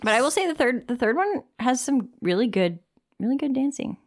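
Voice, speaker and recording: A woman's voice: high voice, sing-song, fairly quick. A woman guest telling a rambling, self-mocking story in casual comedic chat, full of fillers. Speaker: podcast guest.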